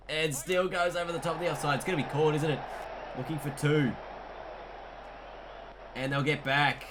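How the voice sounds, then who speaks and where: Excitable Australian man calling a cricket game. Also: mid-range voice, a little hiss or hum. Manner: excitable play-by-play, swings between mock commentator calls and asides. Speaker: gaming commentator. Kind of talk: playing and commentating a cricket video game.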